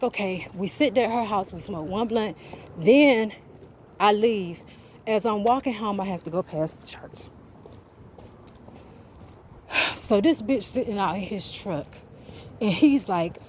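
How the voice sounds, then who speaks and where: A woman's voice: mid-range voice, a little mellow. Give me a blunt, profane woman storytelling on a phone as she walks outside by traffic. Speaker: vlogger. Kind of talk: casual storytelling while walking. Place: outdoors, walking by a road and bridge.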